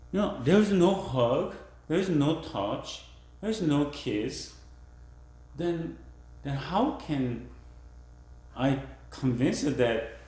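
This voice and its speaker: Slow, mellow-voiced male professor lecturing. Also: mid-range voice, roomy sound. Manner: demonstrative, acts out example phrases in different tones; halting, with fillers and restarts. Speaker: university professor. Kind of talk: classroom lecture.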